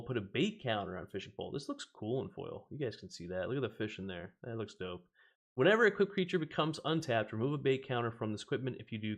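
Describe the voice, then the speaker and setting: A man hosting a casual card-opening stream. He chats, laughs often and reads the card text aloud. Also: medium pitch. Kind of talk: casual chat while opening card packs.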